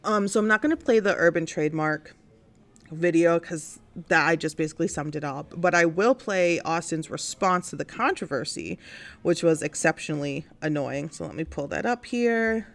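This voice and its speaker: A woman's voice: low voice, lively intonation, moderate pace, vocal fry. A woman hosting a casual commentary stream, blunt and exasperated, rambling with many fillers. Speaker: host of a news and commentary stream.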